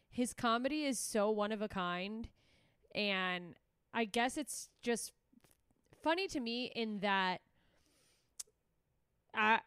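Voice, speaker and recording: A woman hosts her podcast in casual, candid chat, cursing freely and laughing a lot. Her voice is smooth and clear. The sound is dry and close. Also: on the high side, no room sound. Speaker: podcast host.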